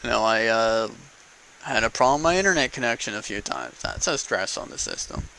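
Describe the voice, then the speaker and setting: A man's voice: on the low side, expressive, fairly quick, gravelly, sharp tone, slight background noise, rough recording. A man giving a casual, argumentative political monologue to camera, punctuating points with rhetorical "okay?" and "right?". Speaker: vlogger speaking to camera.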